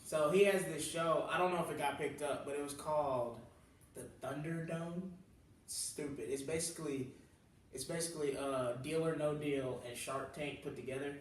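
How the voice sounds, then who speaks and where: A young comedian from the Southern US spins casual stories in loose slang, laughing as he goes. His voice sits a little high and rings out in an echoey room, heard from some distance away. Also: normal speed, slight background noise. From Southern US, New Orleans. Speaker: comedian host.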